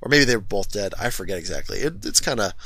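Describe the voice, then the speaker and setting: A man's voice: on the low side, sing-song, fast, pushed and bright, no room sound. A man casually retelling a movie's plot, rambling and correcting himself, full of fillers. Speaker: film reviewer.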